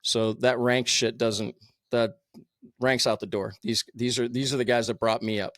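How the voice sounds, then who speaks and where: A man's voice: medium pitch, little pitch movement, normal speed, dry recording, clean studio sound. A middle-aged man, a firefighter captain, telling his own story candidly in a blunt, profane way with plenty of fillers. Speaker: podcast guest, firefighter captain.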